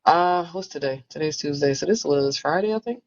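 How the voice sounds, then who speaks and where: A woman's voice: low-pitched, a little fast. A woman in a casual book club conversation, telling a personal story in a reflective, storytelling manner. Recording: muffled lo-fi audio.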